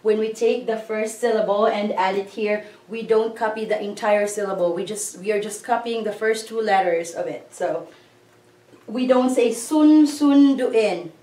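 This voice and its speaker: A woman teaching a language lesson, explaining grammar patiently and repeating words slowly to drill them. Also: medium pitch, steady tone, darkish tone. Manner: patient, slow, spells out letters and repeats words. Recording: echoey room, voice from a distance.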